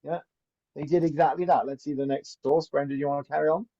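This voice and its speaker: A man's voice: a little high, fairly even intonation, fast talker, mellow. A man teaching an informal Torah class as a rabbi, chatty and anecdotal, often asking "right?". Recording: dull lo-fi recording.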